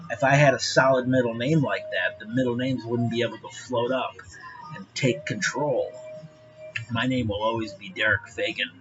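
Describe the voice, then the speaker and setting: A man's voice: lowish voice, dull audio. A man talking straight to his viewers in a rambling, profane monologue, laughing often. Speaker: vlogger.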